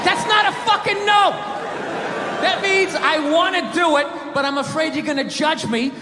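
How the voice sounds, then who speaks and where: A male stand-up comedian ranting through his set, his voice unusually high and often rising to a shout. It rings in a big hall with a long echo. A crowd laughs and murmurs all around him. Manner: ranting, frequently shouting punchlines. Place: comedy stage before a live audience. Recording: live show hall with crowd noise. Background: audience laughter and murmur.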